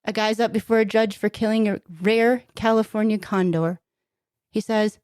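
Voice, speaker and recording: A woman's voice: medium pitch, steady tone, moderate pace, darkish tone, smooth, no room sound, studio quality. A woman co-hosting a podcast, telling jokes casually and getting flustered and laughing at her own slip-ups. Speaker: podcast co-host.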